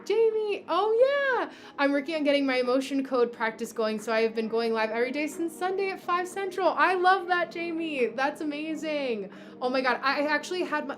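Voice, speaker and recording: Young New Jersey woman, chatty astrology streamer talking to her chat, bright higher voice, light music underneath. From New Jersey, USA. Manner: chatty, many fillers, thanks viewers by name. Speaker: livestream host, astrology reader. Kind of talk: casual livestream chat reading comments.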